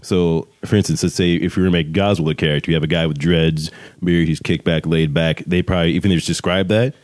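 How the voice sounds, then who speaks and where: Low-voiced man giving voiceover advice. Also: fast talker, no room sound, studio quality. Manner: animated, breaks into voice demos. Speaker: voice actor guest giving career advice. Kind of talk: casual podcast chat.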